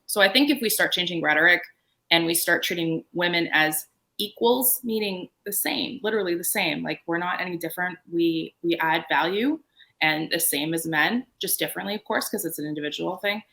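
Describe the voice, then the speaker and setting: A woman speaking on a panel, telling animated stories about her security work. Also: fairly low pitch, fairly quick, vocal fry. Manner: animated storytelling, quoting herself and others. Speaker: guest panelist. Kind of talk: panel discussion.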